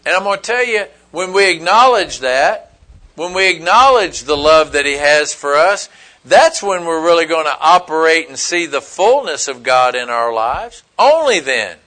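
A man's voice: on the high side, lively intonation, normal speed, sharp tone. A man preaching a sermon, telling a story in an emphatic, repetitive way. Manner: storytelling, emphatic, repeats phrases. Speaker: pastor.

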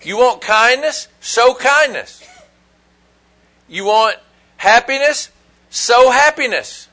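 A man's voice: very high voice, expressive, takes it slowly, bright, forceful tone. A man preaching a sermon in a folksy, emphatic way, full of rhetorical questions. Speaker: pastor.

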